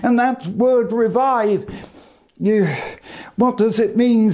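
A male evangelist preaching a sermon, slow and deliberate, with emphatic pauses between phrases. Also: sits high.

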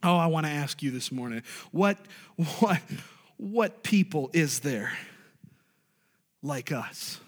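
A man preaching a sermon as a pastor, animated, with sudden loud, high bursts. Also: slow pace, long pauses, long reverb tail. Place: church sanctuary.

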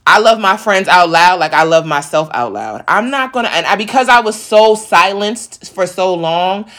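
A thirty-year-old woman chats casually and says exactly what she thinks, her medium-pitched voice expressive and a little bright. She keeps a moderate pace, talking bluntly and emphatically and swearing freely.

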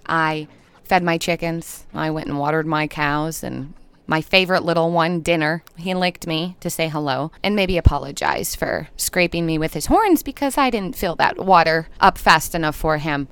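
A woman with a Minnesotan accent, giving a podcast intro in a gentle, earnest, unhurried way. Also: low voice, smooth, dry recording. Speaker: podcast host. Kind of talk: reflective podcast intro monologue.

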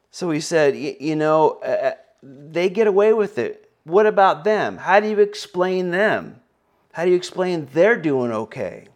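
A man's voice: a little high, very animated, measured pace. Conversational male preacher with many fillers. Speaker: pastor. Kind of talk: sermon.

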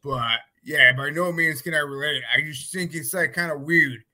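Bright-voiced man telling loose stories. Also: on the high side, normal speed, poor audio. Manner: loose, rambling storytelling with many fillers. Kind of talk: casual podcast chat.

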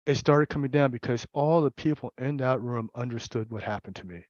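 A man's voice: mid-range voice, a little mellow, no echo. A man in the middle register speaks openly about his recovery, stumbling over repeated words and breaking into laughter. The sound is dry and a little dull, as on a muffled recording. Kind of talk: personal recovery share.

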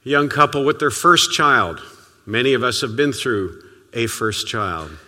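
A man preaching in a loose, storytelling manner, his voice swinging widely up and down with every point. His tone is bright and pushing, and it often sinks to near quiet. The sound rings through the long reverb of a big church hall. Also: mid-range voice, lively intonation, a little slow. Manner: conversational, storytelling preaching with sudden soft drops. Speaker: pastor. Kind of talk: sermon.

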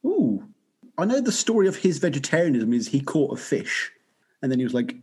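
A man's voice: medium pitch, very animated, fairly quick, darkish tone, husky. A man hosting a podcast, chatting casually, joking and teasing, with frequent laughter. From Birmingham, England. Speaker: podcast host.

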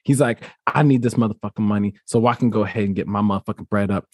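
A man's voice: fairly low pitch, fast, darkish tone, dry recording, studio quality. A young man hosting a casual show, steering a game with friends and teasing them with plenty of swearing. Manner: directs the game, profane and teasing. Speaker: podcast host.

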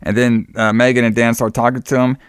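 A man co-hosts a casual horror film podcast, rambling through the plot with profanity. His voice sits at an ordinary middle pitch. The sound is close and dry, with little room in it. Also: little pitch movement, brisk, clean tone, no room sound. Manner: rambling, profane, acts out quotes. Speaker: podcast co-host. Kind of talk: casual film review chat.

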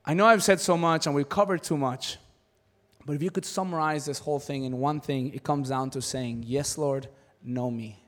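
A man preaching a sermon as pastor, animated, acting out quoted voices in his stories. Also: mid-range voice, moderate pace. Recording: long hall reverb.

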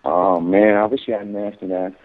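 Man on a phone line, halting, repeats himself, gets emphatic, tinny. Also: on the low side, steady tone. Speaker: guest. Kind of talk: interview on radio.

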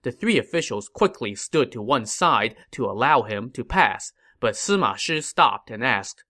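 A man's voice: mid-range voice, big pitch swings, measured pace, hardly any pauses, bright, forceful tone. A man hosting a history podcast, telling the story in a wry, conversational style. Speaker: podcast host.

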